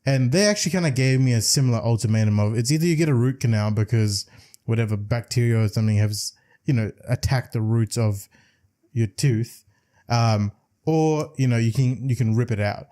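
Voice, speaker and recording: A man co-hosting a podcast in casual chat, explaining things in a relaxed, loose way with fillers. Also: mid-range voice, brisk. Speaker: podcast co-host.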